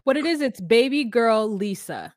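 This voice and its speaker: A woman's voice: a little high, lively intonation, normal speed, no room sound. Chatty woman podcaster, dry close sound. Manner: chatty, joking, sings silly made-up lyrics. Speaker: podcast co-host. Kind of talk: casual recap chat.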